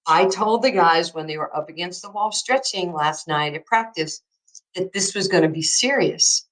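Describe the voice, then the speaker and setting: Animated woman coach telling stories. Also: lowish voice, normal speed, low-quality recording. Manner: animated storyteller, acts out quotes, laughs often. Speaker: interview guest, basketball coach. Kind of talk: casual storytelling interview.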